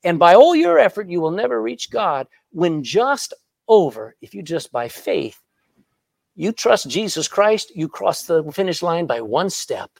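High, lively male preacher. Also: measured pace, gravelly, dry recording. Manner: animated, emphatic preaching with questions to the congregation. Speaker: pastor. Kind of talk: sermon.

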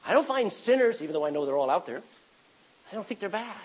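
A man preaches with animated energy, slipping into the voices of the people in his stories. His voice is pitched high and sounds husky, carried through a church. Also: fast talker, rough recording. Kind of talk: sermon.

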